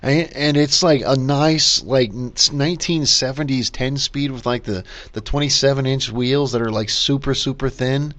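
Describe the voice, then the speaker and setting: A man's voice: medium pitch, steady tone, normal speed, hardly any pauses, fairly bright tone. A man hosting a casual solo podcast rant, rambling with lots of fillers, restarts and swearing, wired on caffeine. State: caffeinated, talking fast. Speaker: podcast host.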